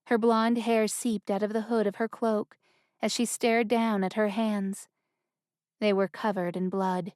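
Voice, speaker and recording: A woman narrating a fantasy audiobook in a steady, even storytelling manner. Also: mid-range voice, unhurried, no room sound, clean studio sound. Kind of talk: scripted narration.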